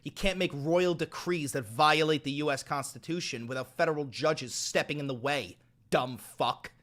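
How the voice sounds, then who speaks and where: A man's voice: on the high side, normal speed, fairly bright tone. A man hosting a live political stream, ranting in a heated, profane and mocking way.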